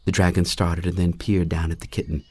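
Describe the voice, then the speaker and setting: A man narrating a fantasy audiobook in the first person, with a wry, lively storytelling manner. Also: low voice, a little fast, breathy edge, dry recording.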